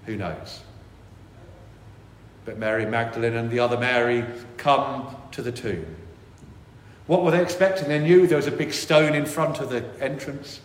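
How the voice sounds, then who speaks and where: A man with a mid-range voice, speaking at normal speed, preaches as a priest in an echoey church with long reverb. His sermon is animated and voices worried inner thoughts.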